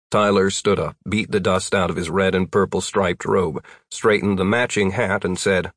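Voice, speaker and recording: A man narrating a storybook audiobook in an even, wry storytelling manner on a close mic. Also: deep voice, moderate pace, few pauses, no echo.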